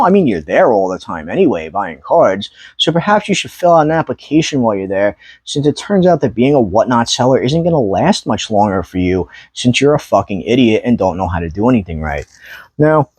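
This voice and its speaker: A man's voice: lowish voice, darkish tone, dry recording. Fired-up man ranting into a dry mic. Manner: angry, profane rant with rising outbursts. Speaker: YouTuber ranting about trading card sellers. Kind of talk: heated commentary vlog.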